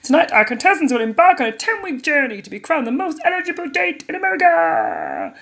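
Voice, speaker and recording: A woman's voice: sits high, wildly swooping pitch, fairly quick, creaky, a bit bright, voice pushed up, exaggerated voice. A woman voicing a showy male dating-show host in a game, reading his lines aloud with a hyped announcing delivery.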